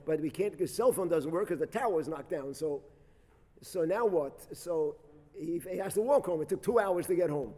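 A man preaching as a rabbi, telling a story with dramatic swings between loud bursts and soft, quiet reflection. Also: on the high side, normal speed. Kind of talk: sermon storytelling. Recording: long hall reverb.

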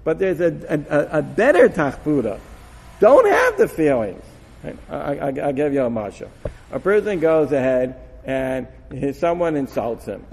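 A man giving an animated Torah lecture, acting out dialogue with frequent laughs. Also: on the high side, creaky, a little hiss or hum. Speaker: Torah teacher. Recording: long hall reverb.

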